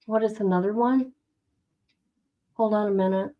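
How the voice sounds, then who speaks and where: A woman hosts a casual livestream, talking dramatically and with lots of exclamations to herself and her chat. Her voice sits at medium pitch with a moderate pace, picked up on a device mic without headphones, and the highs are cut off.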